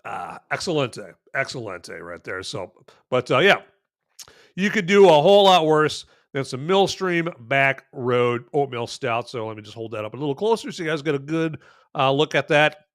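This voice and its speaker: A man's voice: fairly high pitch, lively intonation, moderate pace, dry recording, studio quality. A man hosting a casual movie and beer review show, rambling and enthusiastic, with lots of fillers and repeated tag phrases like "okay?". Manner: enthusiastic and jokey. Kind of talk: casual review chat to camera.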